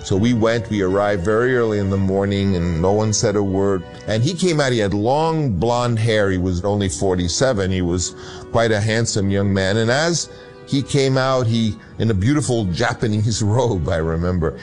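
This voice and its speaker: A male filmmaker in an archival interview, telling a story in an animated way. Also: lowish voice, normal speed, soft background music. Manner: animated, acts out voices in anecdotes. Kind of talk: anecdotal storytelling.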